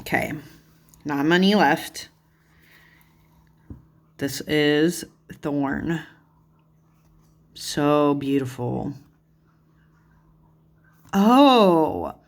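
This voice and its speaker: A woman hosting a chatty flip-through of a card deck, gushing and easily delighted, with lots of "like" and "oh my goodness". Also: sits low. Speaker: tarot channel host.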